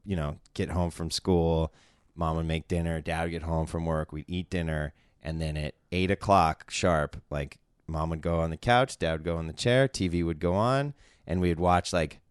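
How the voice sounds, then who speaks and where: A man hosting an interview podcast, chatting in a relaxed way with plenty of fillers. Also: low voice, moderate pace, smooth, no echo, studio quality. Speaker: podcast host. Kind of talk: casual interview chat.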